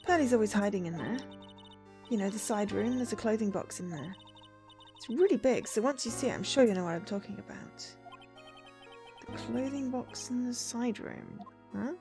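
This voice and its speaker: A woman streaming a game, reading its dialogue aloud and chatting along in an animated way. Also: a little high, moderate pace, faint music behind.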